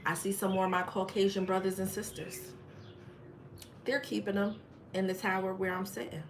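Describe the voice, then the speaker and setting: A woman's voice: medium pitch, normal speed, a little hiss or hum. Emphatic woman telling a story to her viewers. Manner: emphatic, talks straight to viewers; animated, frank storytelling. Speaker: channel host. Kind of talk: storytime livestream.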